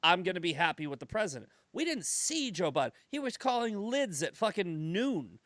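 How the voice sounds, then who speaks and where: Profane, animated man hosting a podcast. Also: high-pitched, moderate pace, no room sound, clean studio sound. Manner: profane, animated, tells jokes with put-on voices. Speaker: podcast host. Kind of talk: casual political chat.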